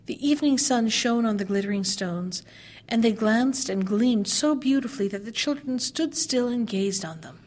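A woman narrates an old fairy tale at a measured pace, shaping each sentence with care. Her voice sits somewhat high. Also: darkish tone. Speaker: storyteller. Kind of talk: fairy-tale read-aloud.

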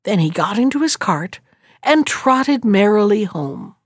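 A woman reading a fairy tale aloud in an expressive, unhurried storytelling manner. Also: medium pitch, dry recording, clean studio sound.

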